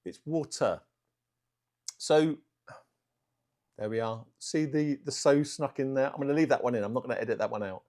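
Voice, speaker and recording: Speaking off the cuff to the camera in a room at home, a man records a vlog for his art channel. His mid-range voice is a little mellow, and though he's self-aware and tries for a slow, deliberate delivery, filler words still creep in.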